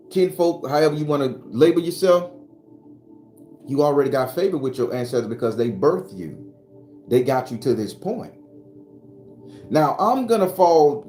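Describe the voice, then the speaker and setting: A man with a slightly high, somewhat mellow voice hosts his channel as a spiritual advisor, delivering an emphatic, profane talk with a preacher-like cadence. The room has an echo, and faint music plays.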